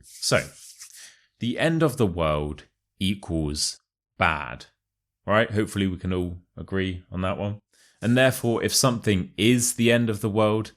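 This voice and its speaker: A young man with a low, deep voice and a modern RP British accent, teaching everyday expressions. He talks in a chatty, joking way and drills phrases with exaggerated examples. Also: a bit bright. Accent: modern RP British English. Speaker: English teacher. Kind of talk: casual YouTube English lesson.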